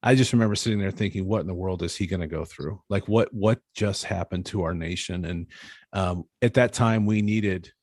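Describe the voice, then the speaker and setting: Deep-voiced earnest podcast host man. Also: a little fast, a little mellow, no echo, studio quality. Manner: earnest, rambling, hedging. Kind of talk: casual interview chat.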